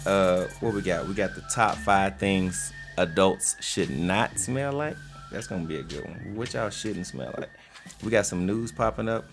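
A man's voice: deep voice, lively intonation, moderate pace, gravelly, over music. A man hosting a podcast, bantering loosely and laughing often with his co-hosts. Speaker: podcast host. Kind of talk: casual banter.

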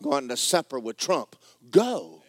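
Preacher man, loud then hushed. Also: mid-range voice, huge pitch swings, slow. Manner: loud preaching that swings to quiet, joking asides. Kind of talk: sermon.

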